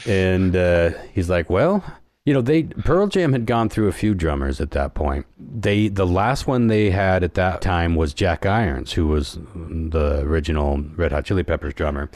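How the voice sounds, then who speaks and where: A man's voice: sits low, animated, moderate pace, hardly any pauses, a little mellow, dry recording. A middle-aged man hosting a podcast, telling stories in a rambling, laid-back way. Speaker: podcast host. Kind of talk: casual chat.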